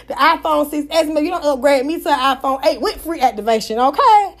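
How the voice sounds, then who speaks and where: A young woman telling a casual, animated and profane storytime to her viewers, with loud exclamations of praise. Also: high voice, quick pace, few pauses. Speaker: vlogger.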